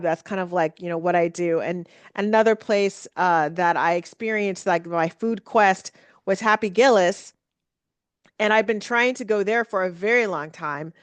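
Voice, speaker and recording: A woman's voice: medium pitch, smooth, no room sound. A woman hosting a casual solo podcast, rambling with lots of fillers and restarts. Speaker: podcast host.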